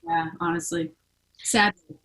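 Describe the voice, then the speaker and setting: A woman's voice: on the low side, fairly even intonation, unhurried, fairly bright tone, poor audio. A woman hosting a podcast, chatting casually and thinking aloud, with many fillers and restarts. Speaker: podcast host. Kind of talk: casual conversational chat.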